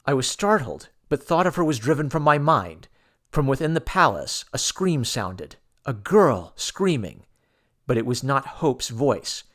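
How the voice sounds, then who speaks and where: A man narrating a pulp science fiction audiobook in the first person, with measured, dramatic delivery. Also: medium pitch, big pitch swings, a bit bright.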